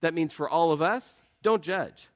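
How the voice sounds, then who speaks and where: A middle-aged male pastor delivers his sermon in an earnest, conversational manner. His voice sits a little higher than most men's. He moves easily between rhetorical questions and personal stories. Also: a little slow.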